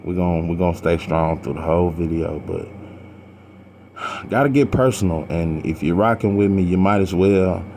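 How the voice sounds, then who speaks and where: A very low-voiced man speaks to his viewers in a personal vlog. His talk is slow, heavy and halting, broken by sighs and casual slang. A faint hiss of noise sits under the recording. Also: mellow. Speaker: boxing channel vlogger.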